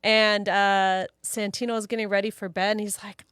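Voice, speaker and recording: A woman co-hosting a relaxed live chat show, with a mid-range voice that sounds close and dry. She tells family stories and reads viewer comments aloud in an easy, conversational way. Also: mid-range voice, moderate pace, smooth, no echo. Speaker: co-host. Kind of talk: casual chat.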